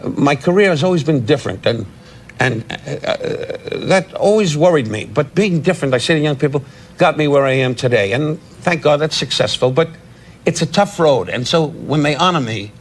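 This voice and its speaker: A man's voice: fairly high pitch, lively intonation. A man, a guest on a talk show telling comic stories, teasing and restarting his words as he goes. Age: 80s. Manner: quick-witted insult comic, stammering restarts, teasing. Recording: TV studio with audience noise.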